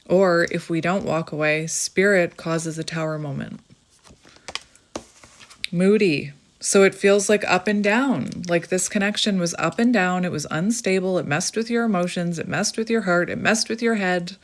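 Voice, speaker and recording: Tarot reader, female, lowish voice, earnest and reassuring, talks straight to camera. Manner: earnest, emotional, reassuring, reads passages aloud. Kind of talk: tarot reading addressed to the viewer.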